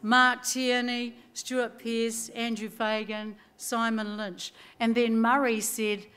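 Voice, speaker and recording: Woman, New Zealand accent, slightly high voice, chatty storytelling, stage mic. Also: slow pace, smooth. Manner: chatty, animated storytelling with laughs and quoted voices. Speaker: award-winning singer giving acceptance speech. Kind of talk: casual acceptance speech with anecdotes.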